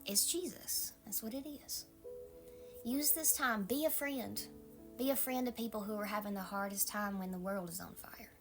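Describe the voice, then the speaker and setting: A woman pastor with a Southern accent, giving a calm, maternal devotional sermon and often dropping into a soft whisper. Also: mid-range voice, normal speed, faint music behind.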